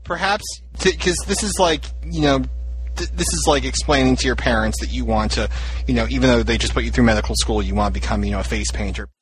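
A man co-hosting a podcast, playful and tripping over his words with excitement. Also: medium pitch, fast, slightly rough, low-quality recording. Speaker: podcast co-host. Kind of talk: casual chat.

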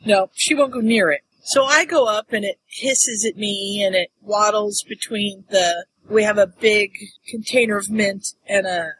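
A woman co-hosting a casual podcast, telling a lively home story and acting out the voices in it. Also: medium pitch, a little slow, few pauses, a little hiss or hum, low-quality recording. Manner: animated storyteller, acts out voices. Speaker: podcast co-host.

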